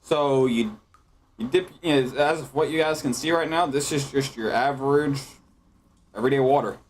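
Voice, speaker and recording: A man running a tabletop game as game master, narrating outcomes dryly and deadpan. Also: mid-range voice, normal speed, a little hiss or hum.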